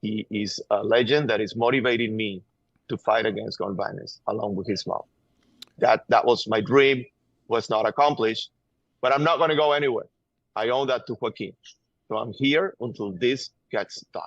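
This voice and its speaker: A man's voice: on the low side, moderate pace, dry recording, highs cut off. Urgent man with a Venezuelan Spanish accent. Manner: emphatic, urgent, repeats words while pushing his point. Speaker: guest, gun-violence activist. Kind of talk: impassioned interview answers.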